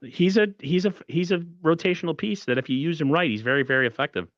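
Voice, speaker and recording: A man with a raspy voice co-hosting a sports podcast in a laid-back, joking way. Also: a little high, fast talker, fairly bright tone, no room sound, dull audio. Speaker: podcast co-host. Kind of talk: casual sports talk.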